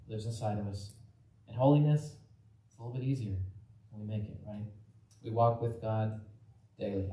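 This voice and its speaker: Male pastor, relaxed chatty sermon, warm mellow tone, church reverb. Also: lowish voice. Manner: informal, many fillers and restarts, acts out quoted voices. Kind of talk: casual conversational sermon. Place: church sanctuary.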